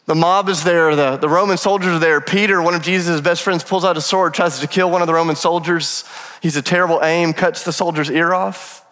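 A man preaching a sermon as pastor, telling stories lively and acting out paraphrased dialogue with jokes. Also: high-pitched, big-room sound.

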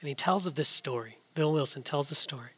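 Man preaching with a bright, high voice. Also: fast, breathy edge, long reverb tail. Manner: storytelling, builds from hushed to loud and urgent. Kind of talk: sermon.

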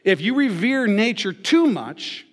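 Guy preaching a sermon, slightly high voice, keeps asking "right?", long hall echo. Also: big pitch swings, unhurried. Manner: conversational, often checks in with "okay?" and "right?". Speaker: pastor. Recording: long reverb of a large hall.

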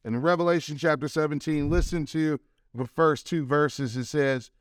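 A middle-aged pastor preaching a sermon, building emphasis and slowing to drawn-out calls to worship. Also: male voice, fairly high pitch, no echo, studio quality.

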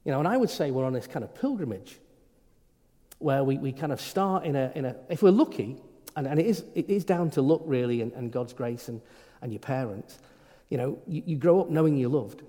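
A middle-aged priest gives an informal, conversational sermon, often stumbling and restarting his words. His medium-pitched voice is dark in tone, animated and brisk. The recording has the reverb of a large hall.

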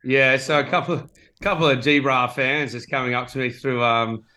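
A man's voice: mid-range voice, fairly even intonation, normal speed, pushed and bright. A man and former rugby player, telling a story in casual podcast chat, rambling and self-mocking with easy laughs, over a remote call.

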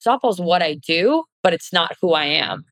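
A woman's voice: fairly low pitch, lively intonation, normal speed, fairly bright tone, no echo. A woman hosting a podcast interview, affirming and drawing out her guest in a casual tone. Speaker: podcast host.

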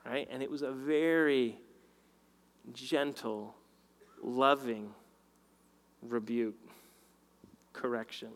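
A man preaching a sermon and telling a personal story, swinging between loud and hushed delivery. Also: medium pitch, slow pace, long pauses. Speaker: pastor. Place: large hall with long reverb. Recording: reverberant hall recording.

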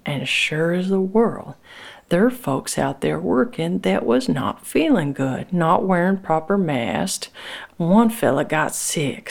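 A woman's voice: sits low, vocal fry, a little mellow, heavily acted. A woman telling, as a worker's wife, a rambling story in folksy rural dialect, as a dramatic monologue.

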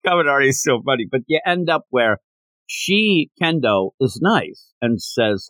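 Animated man chatting about comics. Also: medium pitch, a little slow, no room sound. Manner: animated, retells scenes with laughs. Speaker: podcast host. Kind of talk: casual chat reviewing a comic.

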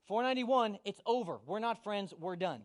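A man's voice: high-pitched, expressive, normal speed. A man voicing an exasperated apostle who haggles and bargains over forgiveness with comic disbelief. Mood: grudging.

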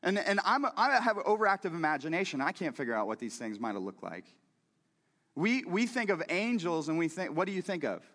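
Guy giving a sermon, kinda high pitched, chatty and animated, echoey sanctuary sound. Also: fairly quick. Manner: animated and conversational, with repeated words and restarts. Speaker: pastor. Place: church sanctuary.

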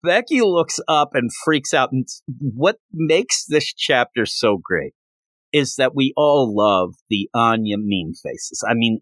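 A man's voice: mid-range voice, a bit bright, dry recording. Rambling man recapping comics, dry sound. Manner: enthusiastic, rambling retelling. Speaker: podcast host. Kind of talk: casual manga chapter recap.

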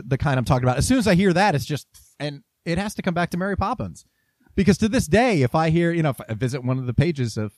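A man's voice: a little high, no room sound. A man casually chatting and telling a story as a podcast host, laughing often. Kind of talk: casual chat.

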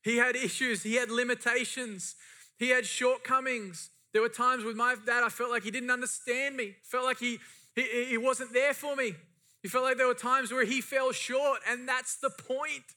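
Middle-aged male pastor, bright tone, impassioned sermon delivery. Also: very high voice, little pitch movement, moderate pace. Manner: impassioned, rising and falling emphasis.

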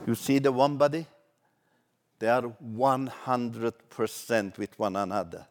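Slow, emphatic male preacher. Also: medium pitch, steady tone. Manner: emphatic, swinging from loud declarations to soft asides. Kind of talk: sermon.

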